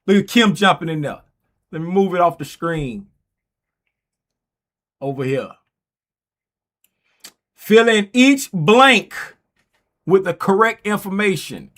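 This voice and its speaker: Brief: male livestream host, laid-back and slow, lively pitch, playful chart talk. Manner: playful, drawn-out, sing-song delivery. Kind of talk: casual livestream chart commentary.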